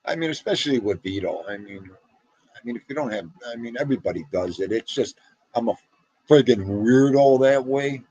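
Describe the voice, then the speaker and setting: A man's voice: mid-range voice, brisk, breathy edge, no echo, highs cut off. A middle-aged man with a North Jersey accent, rambling in casual livestream chat and greeting viewers by name. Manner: rambling, animated, Italian-American slang. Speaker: livestream host reading chat.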